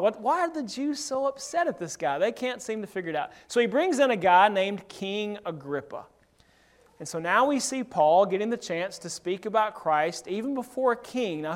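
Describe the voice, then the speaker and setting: Male preacher, high register, conversational Bible teaching, reads verses and then unpacks them plainly. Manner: conversational, reads scripture aloud and explains it. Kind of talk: sermon-style Bible teaching.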